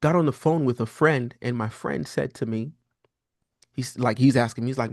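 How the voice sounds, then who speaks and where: A man in his thirties tells a story from his own life in a casual, heartfelt way. His pitch sits in the middle but leaps up when he acts out his own words, and he often stumbles and restarts. The sound is dry and close, with no room echo. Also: a little fast, creaky. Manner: animated, rises sharply in pitch when quoting himself; frequent fillers and restarts, earnest and candid. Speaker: podcast guest, prophetic teacher.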